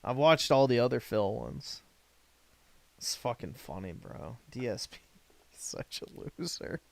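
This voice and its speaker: Slow, mocking male streamer. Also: mid-range voice, big pitch swings, creaky. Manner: crude, mocking, swears freely. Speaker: livestreamer reacting to videos. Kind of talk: casual reaction commentary.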